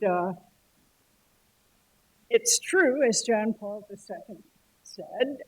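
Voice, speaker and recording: Slow, deliberate woman lecturer. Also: mid-range voice, darkish tone, breathy edge, poor audio. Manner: deliberate, considered. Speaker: guest speaker. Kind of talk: lecture answer.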